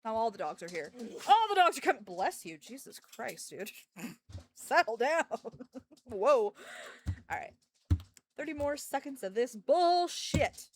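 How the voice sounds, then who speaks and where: A woman's voice: fairly high pitch, lively intonation, slow pace, long pauses, slight background noise. A woman streamer chatting casually with her audience, rambling and joking and talking to her dogs between thoughts. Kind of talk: casual live-stream chat.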